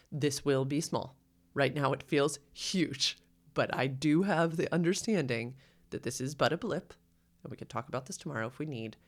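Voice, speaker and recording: A woman co-hosting a podcast, talking earnestly and reflectively in casual conversation, acting out her own quoted thoughts. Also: a bass voice. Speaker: podcast co-host.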